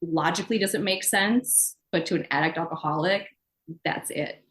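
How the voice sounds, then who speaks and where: A woman's voice: fairly low pitch, moderate pace, fairly bright tone, roomy sound, low-quality recording. A woman co-hosting a recovery podcast, talking in an earnest, reflective way. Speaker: podcast co-host. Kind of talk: casual podcast chat.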